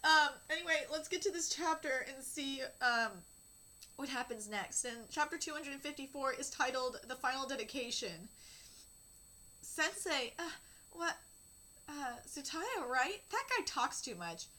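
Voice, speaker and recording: Woman, 30s, manga reaction host, reading dialogue aloud, high pitched, emotional and candid. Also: unhurried. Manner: emotional and candid, reads dialogue flatly between outbursts.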